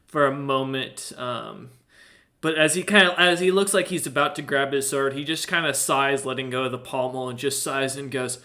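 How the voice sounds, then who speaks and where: Bright-voiced man running a tabletop game. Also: mid-range voice, moderate pace. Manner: hesitant, filler-heavy narration. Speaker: game master.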